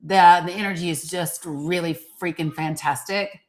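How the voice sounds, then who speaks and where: A woman's voice: fairly low pitch, fairly even intonation, normal speed. A woman hosting a casual live stream, bubbly and chatty, greeting viewers by name as she goes.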